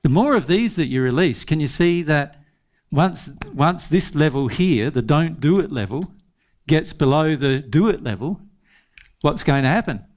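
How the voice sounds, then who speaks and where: A man's voice: on the high side, lively intonation, moderate pace, a little mellow. A man giving an informal spiritual teaching talk, earnest, repeating phrases and laughing often.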